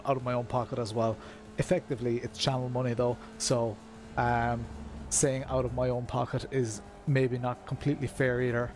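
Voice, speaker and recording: A man's voice: medium pitch, a little mellow, slight background noise. An Irish man chatting casually to viewers by name while live-streaming a racing game from a room at home. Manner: chatty, greets viewers by name, many fillers.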